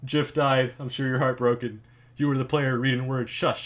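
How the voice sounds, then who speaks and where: A man's voice: medium pitch, flat delivery, normal speed, a bit bright. A man reading a long poem aloud on a live stream, with a strained voice and a dry delivery broken by joking asides. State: voice growing strained.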